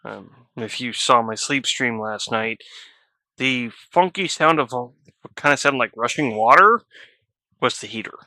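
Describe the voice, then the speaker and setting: Male live streamer, casual and wry, slow delivery, bright voice. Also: mid-range voice, no echo. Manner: slow, wry, laughs between remarks. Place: home room at night.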